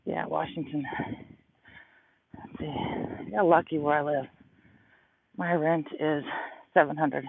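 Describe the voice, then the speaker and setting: A man's voice: a little high, fairly even intonation, takes it slowly, creaky, pauses often. A man in his thirties rambling through stories on a casual livestream while walking uphill outdoors, a little out of breath. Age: 30s. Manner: rambling, storytelling. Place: outdoors on a hillside. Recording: tinny phone-like sound.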